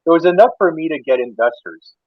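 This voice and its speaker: Fast-talking man on a tinny line. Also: a little high, husky, no room sound. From Canada. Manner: animated, rambling anecdotes with many restarts. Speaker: interior designer, guest. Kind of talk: casual interview storytelling. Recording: tinny phone-like line, dry.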